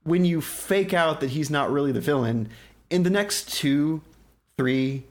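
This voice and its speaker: A man co-hosting a podcast, chatting casually in a quick, opinionated way, full of "like" fillers. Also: fairly high pitch, a little hiss or hum. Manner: fast, opinionated, filler-heavy. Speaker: podcast co-host. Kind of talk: casual review chat.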